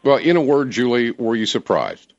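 A man hosting a talk radio show, giving emphatic, animated commentary. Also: medium pitch, normal speed. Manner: animated, emphatic, laughs easily. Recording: dull lo-fi radio broadcast.

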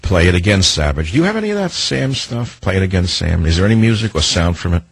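Husky older man with a sardonic ramble. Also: low voice, sing-song, fast talker, no room sound. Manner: rambling, sardonic, free-associating. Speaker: radio talk host. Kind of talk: opinionated talk radio monologue.

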